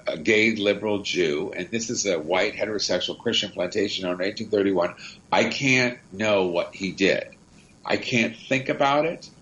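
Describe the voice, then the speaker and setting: Low-voiced man telling rambling stories. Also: rough recording. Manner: chatty, rambling, animated anecdotes. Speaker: guest comedian and actor. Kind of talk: casual interview storytelling.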